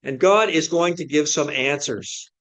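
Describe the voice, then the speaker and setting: A man's voice: fairly high pitch, measured pace, a bit bright. A man preaching a sermon, asking many rhetorical questions in an earnest, searching way.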